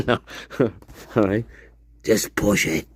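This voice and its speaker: A man's voice: on the low side, animated, takes it slowly, dry recording, studio quality. A man hosting a one-man livestream show. He chats casually in a profane, rambling way and laughs often.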